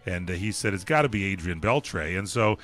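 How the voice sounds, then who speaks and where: A man's voice: deep voice, lively intonation, fairly quick, fairly bright tone. An older man co-hosting a casual sports radio show, telling stories loosely with lots of fillers. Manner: rambling, filler-heavy storytelling.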